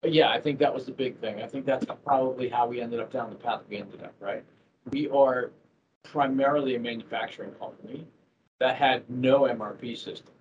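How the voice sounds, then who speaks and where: A man's voice: mid-range voice, fairly even intonation, fairly quick. A man from Massachusetts, a project manager, talking through a casual business interview with many fillers and restarts. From Massachusetts, near Boston. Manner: rambling, with frequent fillers and restarts. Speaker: ERP project manager at a manufacturer. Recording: dull lo-fi audio with faint noise.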